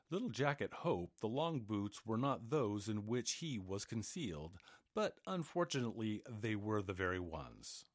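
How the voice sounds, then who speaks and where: A man reads a fairy tale aloud in an expressive storybook manner. His voice sits low, yet it rises and falls widely through each sentence, and the recording is close and dry. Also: measured pace, no room sound. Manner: expressive, animated. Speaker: narrator. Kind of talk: storybook reading.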